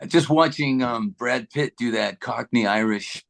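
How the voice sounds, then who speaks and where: A middle-aged man from Canada, a guitarist being interviewed, chatting in a relaxed, rambling way with many restarts. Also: medium pitch, a little slow, vocal fry. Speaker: guitarist guest. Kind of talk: casual interview chat.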